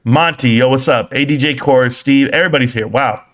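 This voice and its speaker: Animated man joking on a live stream. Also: fairly quick. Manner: animated, joking, profane, swings from loud excitement to low mutters. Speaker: stock market live streamer. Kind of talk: casual live stream chat, reading chat.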